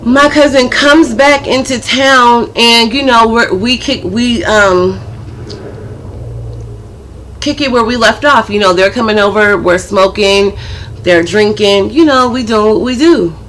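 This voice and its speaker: A woman's voice: a little high, a little slow, fairly bright tone, a little hiss or hum. A woman vlogger casually telling a personal story, chatty and full of profanity. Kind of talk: storytime vlog.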